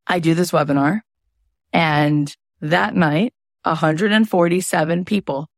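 Woman, 30s, lower voice, animated storytelling, casual filler words, dry close recording. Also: dry recording. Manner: animated, fast, full of "like" and quoted self-talk. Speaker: podcast host telling her story.

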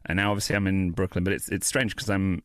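British man, quick chatty podcast guest. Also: low-pitched, flat delivery, no room sound, clean studio sound. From Britain. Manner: quick, self-deprecating, chatty with many restarts. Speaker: comedian and freestyle rapper guest. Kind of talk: casual chat.

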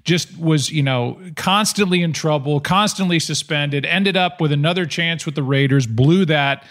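A man's voice: a little high, moderate pace, a bit bright. A man co-hosting a podcast, enthusiastically laying out a sports story in detail. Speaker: podcast co-host. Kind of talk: casual podcast conversation.

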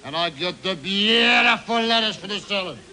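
A man doing a chirpy, squeaky fruit seller. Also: animated, moderate pace, sharp tone, exaggerated voice. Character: cheery male fruit seller, chirpy shopkeeper. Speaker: show intro character.

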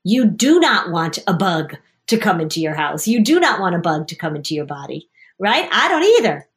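Animated woman parenting coach. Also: fairly low pitch, normal speed. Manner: animated storytelling, acting out quoted voices. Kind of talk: coaching conversation.

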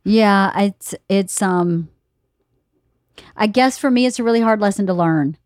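A woman's voice: mid-range voice, unhurried, no room sound, clean studio sound. A woman in her fifties hosting a casual podcast chat, telling stories animatedly with frequent laughs. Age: 50s. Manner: animated storyteller, laughs often, quotes others. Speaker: podcast host.

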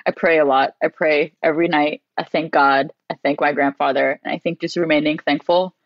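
A young woman, a guest, telling a story in casual chat. She is lively, says "like" a lot and jumps into higher voices when she quotes people. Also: moderate pace, no echo, lo-fi sound. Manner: animated, heavy use of "like", acts out quotes in a higher voice.

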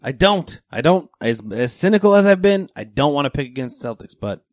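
Dude cohosting a sports pod, voice jumps all over, talks loose and swears a lot, super dry close mic. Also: male voice, a little high, a little fast, dry recording. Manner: animated, repeats words, swears casually. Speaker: podcast co-host. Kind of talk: casual sports chat.

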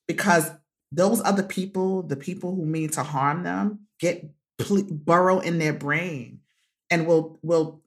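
A woman's voice: lowish voice, measured pace. A woman guest telling a personal story in conversation, emphatic, repeating phrases for stress and laughing often. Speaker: guest, activist and author.

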